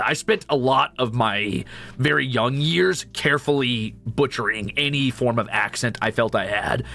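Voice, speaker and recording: Gravelly-voiced man chatting on stream. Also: mid-range voice. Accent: faint Midwestern American. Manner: rambling, animated, quick asides and laughs. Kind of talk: casual chat with viewers.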